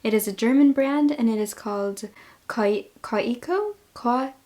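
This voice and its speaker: A woman's voice: on the high side, normal speed, mellow. A young woman with a Long Island accent chatting casually in a haul vlog, gushing and laughing often. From New York. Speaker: book vlogger.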